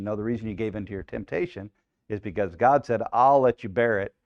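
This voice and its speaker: Conversational preacher, dull lo-fi recording. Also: male voice, fairly low pitch, fairly quick. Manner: conversational preaching, frequent "right?" asides, acts out inner voices. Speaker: pastor. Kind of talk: live Bible study teaching.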